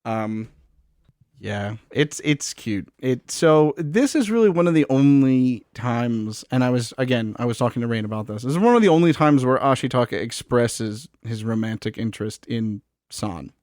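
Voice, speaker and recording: A man co-hosting a casual podcast, retelling film scenes with enthusiasm and dropping into a hushed voice for quoted lines. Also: medium pitch, expressive, moderate pace, no room sound, clean studio sound. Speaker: podcast co-host recapping a film. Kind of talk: casual chat.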